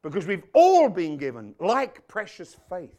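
An English preacher delivers his sermon with a fairly high voice. His pitch leaps up and down constantly, and he swings from loud exclamations to hushed, quiet prayer. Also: wildly swooping pitch, measured pace.

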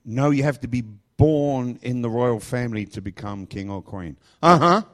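A man's voice: medium pitch, normal speed, dark tone. A middle-aged man from England preaching in a chatty, joking storytelling style. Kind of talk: storytelling sermon.

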